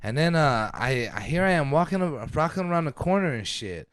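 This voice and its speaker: A man's voice: fairly high pitch, big pitch swings, fairly quick, a bit bright, dry recording, clean studio sound. A man co-hosting a podcast, telling a long casual story full of swearing, laughs and acted-out quotes. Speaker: podcast co-host.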